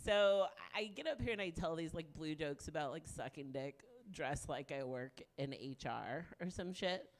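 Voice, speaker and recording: A woman in her late forties doing a stand-up set, frank and self-mocking, with animated punchlines. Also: sits low, normal speed, few pauses. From Deep South of the US. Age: 40s. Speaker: stand-up comedian.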